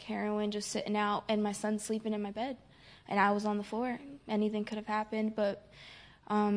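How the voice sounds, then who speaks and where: A young woman giving a casual personal testimony, full of "like" fillers, recounting conversations with others. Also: medium pitch. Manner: casual, many "like" fillers, quotes others in dialogue. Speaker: recovery program resident.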